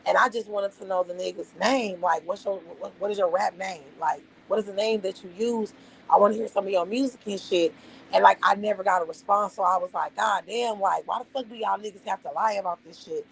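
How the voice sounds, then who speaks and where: A woman's voice: medium pitch, fairly quick, gravelly, slight background noise, poor audio. A woman from Las Vegas with a vernacular accent, casually ranting to her livestream chat, profane and emphatic, rambling from point to point. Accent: Las Vegas, African American Vernacular English. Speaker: livestream host.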